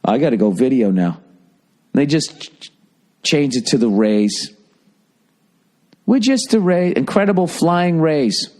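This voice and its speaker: A man hosting his own podcast, rambling alone and thinking out loud with constant swearing as he riffs on whatever he's looking at. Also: on the high side, very animated, a little slow, pauses often. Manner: profane, riffing, thinking out loud. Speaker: podcast host. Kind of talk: rambling solo podcast monologue.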